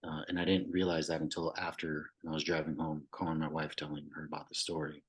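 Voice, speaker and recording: Very deep husky man. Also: monotone, quick pace, low-quality recording. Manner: candid, loose, swears, many fillers. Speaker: podcast guest, veteran. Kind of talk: casual storytelling.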